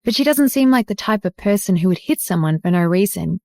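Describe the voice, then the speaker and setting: A woman voicing a calm, suspicious young woman asking questions evenly. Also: medium pitch, a little fast, no echo, studio quality, lightly acted.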